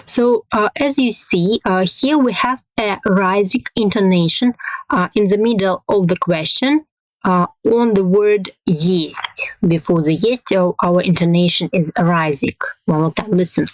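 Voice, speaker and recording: Slow, hesitant woman teacher. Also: medium pitch, dry recording, rough recording. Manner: slow, hesitant, many fillers, models phrases carefully. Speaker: language teacher. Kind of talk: language lesson.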